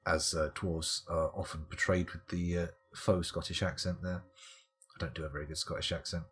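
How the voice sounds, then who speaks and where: A man's voice: deep voice, moderate pace, slightly rough. A man streaming live game commentary, with wry, rambling, self-mocking asides.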